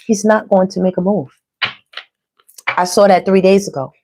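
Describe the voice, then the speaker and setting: A woman giving a casual tarot reading, talking to her viewers in a chatty, slangy, animated way. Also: medium pitch, measured pace, pauses often, noisy background. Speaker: tarot reader.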